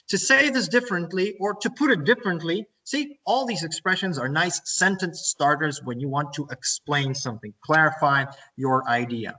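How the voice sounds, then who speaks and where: A man's voice: fairly high pitch, lively intonation, normal speed, sharp tone. A man with a Ukrainian accent, a native Ukrainian speaker, teaching business English in an online lesson, explaining phrases, repeating them and stressing grammar points. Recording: voice a bit far from the mic.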